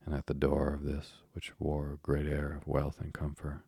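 A man narrating a classic novel in a measured, hushed reading with a husky, gravelly voice. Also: rumbling low, monotone, no room sound, clean studio sound. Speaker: audiobook narrator.

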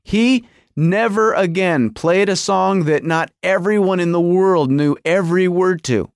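A man in his forties telling a story as a podcast host, excitable and acting out songs and quotes. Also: high voice, measured pace, vocal fry, no room sound, clean studio sound. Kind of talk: animated storytelling.

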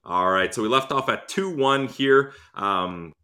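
Bright-voiced hockey podcast co-host. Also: male voice, mid-range voice, a little slow. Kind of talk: casual sports chat with ad reads.

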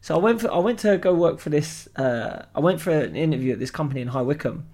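A young man telling a story on a podcast in an animated, swearing way. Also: on the high side, fast. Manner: animated, swears freely, acts out voices. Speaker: podcast co-host. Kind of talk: casual storytelling chat.

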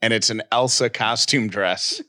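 A man co-hosting a casual podcast, reading listener messages aloud in a relaxed, teasing tone. He laughs along and gently pokes fun at his co-host. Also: on the low side, normal speed. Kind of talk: casual chat.

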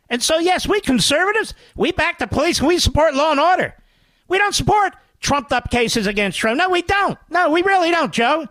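A pandering, blustering male politician, voiced by a man in a mocking sing-song impression. He sits high in his register and swings widely in pitch. The sound is close and dry. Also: a bit bright, dry recording.

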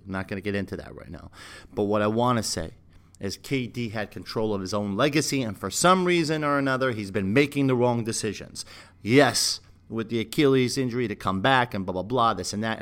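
A man's voice: lowish voice, fairly bright tone. A man, hosting his own sports channel and arguing his opinions with emphatic rhetorical questions. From Brooklyn, New York. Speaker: sports commentary channel host. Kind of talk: opinionated basketball rant.

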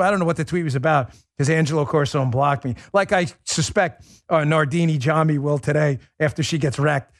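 A man's voice: a little high, fairly quick, no room sound, clean studio sound. A male podcast host giving political commentary in a sarcastic, mocking and emphatic way.

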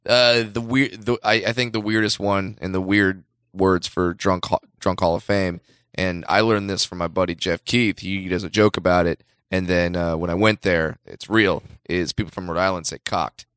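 A man's voice: sits low, fairly even intonation, normal speed, fairly bright tone, clear, resonant tone, no echo, studio quality. A man chatting casually and playfully, joking around with lots of restarts. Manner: playful, jokey banter with restarts. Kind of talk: casual chat.

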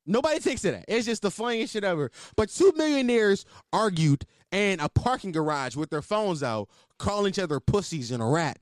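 Talking a little fast with hardly any pauses, a young podcast host with a high-sitting voice delivers casual comedic commentary. His riffs are animated, profane and full of laughter, and the studio sound is clean and echo-free.

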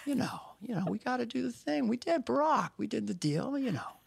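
A man doing a comic impression of an elderly male politician, speaking in a hushed, breathy, rambling folksy voice over a video call. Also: extremely high pitch, sing-song, a little fast, pitched above the performer's own voice, heavily acted. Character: soft-spoken folksy older male politician.

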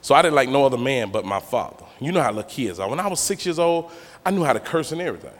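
A man doing a stand-up comedy routine, telling slangy, animated stories and acting out the characters. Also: mid-range voice, quick pace. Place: comedy stage before a live audience. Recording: live club hall with crowd noise. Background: audience laughter.

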